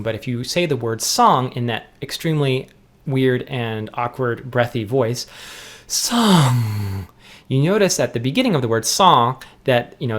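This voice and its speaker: A young adult man teaching jaw harp technique in a relaxed, explanatory way, often restarting his sentences. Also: medium pitch, gravelly. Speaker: music teacher. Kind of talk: instructional tutorial.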